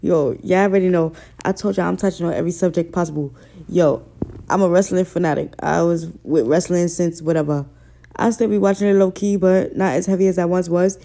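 A young woman talking casually and excitedly straight to her viewers, full of slang and swearing. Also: on the low side, brisk, vocal fry. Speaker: vlogger. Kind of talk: casual excited vlog talk.

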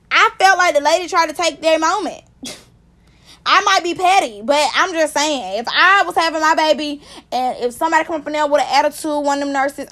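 High-voiced woman ranting animatedly. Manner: animated, profane, emphatic ranting; speaks directly to viewers. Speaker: vlogger. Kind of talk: casual storytelling commentary.

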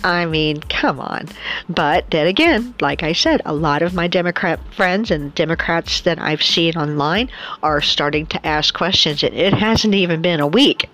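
A political commentator delivers a casual monologue, sarcastic and laughing often as she mocks opponents in high, put-on voices. She speaks at a normal speed with a fairly bright tone.

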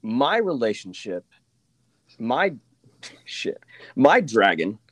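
A man from Oklahoma hosting a casual podcast chat, telling stories with lively asides and mimicking the people he quotes. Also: mid-range voice, slow, slightly rough, dry recording. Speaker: podcast host.

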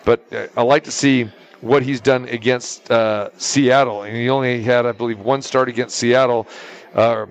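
A man's voice: medium pitch, fairly even intonation, moderate pace. A man co-hosting a sports betting talk show, reeling off stats casually with many fillers. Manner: lots of "uh" fillers, reels off stats.

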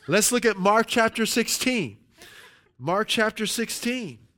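A man preaching a sermon, emphatic, slowing down to stress scripture quotes and often asking his listeners "right?". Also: high voice, expressive, sharp tone. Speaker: pastor.

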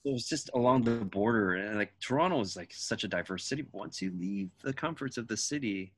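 A young man in casual chat, telling animated stories and swearing freely. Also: lowish voice, fairly quick, slightly rough. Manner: animated storytelling, frequent swearing.

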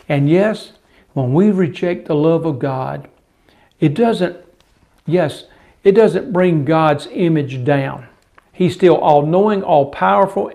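Slow, gravelly-voiced older male preacher. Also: a little high, a little mellow. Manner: emphatic, repeats key phrases. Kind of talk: sermon.

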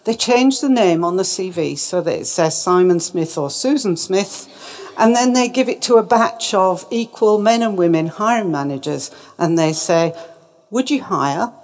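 Lively woman giving a talk. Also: fairly low pitch, moderate pace. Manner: lively, emphatic, asks the audience questions. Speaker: speaker. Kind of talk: presentation talk.

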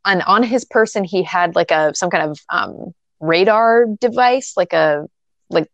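A woman's voice: lowish voice, a little slow, gravelly, dry recording, highs cut off. A woman co-hosting a casual podcast, recapping a movie in a rambling, profane, sardonic way. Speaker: podcast co-host. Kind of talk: casual film recap chat.

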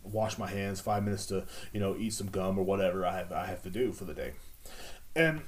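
A man's voice: fairly low pitch, quick pace, a little mellow. A man hosting a casual solo podcast, rambling through jokey stories with lots of fillers. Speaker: podcast host.

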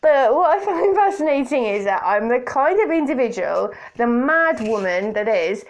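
Her voice is a little high and swings widely in pitch at a normal speed. This British woman chats playfully and pokes fun at herself while hosting her solo podcast, speaking into a hands-free kit headset she borrowed.

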